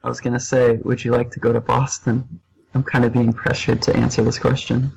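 A man's voice: medium pitch, completely flat delivery, a little fast, gravelly, a little hiss or hum, rough recording. A man co-hosting a casual podcast chat, laughing a lot and reacting with shocked exclamations. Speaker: podcast co-host.

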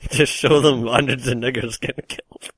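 A man's voice: medium pitch, fairly even intonation, moderate pace, fairly bright tone, slightly rough. A man co-hosting a casual podcast chat, laughing often and making provocative jokes. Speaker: podcast co-host.

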